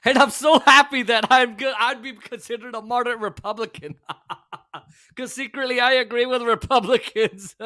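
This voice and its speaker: A man doing a mocking impression of a smug male politician, halting and drawling with many filler sounds. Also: extremely high pitch, bright, forceful tone, no room sound, studio quality, pitched above the performer's own voice.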